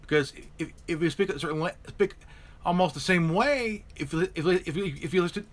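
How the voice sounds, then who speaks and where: A man's voice: on the high side, a little fast. A man hosting a live stream, chatting casually about politics and stumbling over repeated words and restarts.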